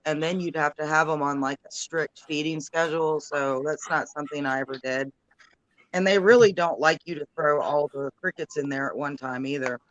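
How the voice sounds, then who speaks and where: A woman's voice: sits low, steady tone, fairly quick, no room sound, rough recording. A woman in her late thirties, a guest in a casual chat, talking in a rambling, giggly way. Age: 30s.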